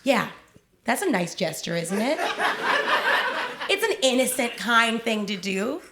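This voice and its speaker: A woman comedian performing a stand-up set on a club stage, chatty and animated with lots of "like". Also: a little high, unhurried. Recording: echoey live club, loud background noise. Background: audience laughter.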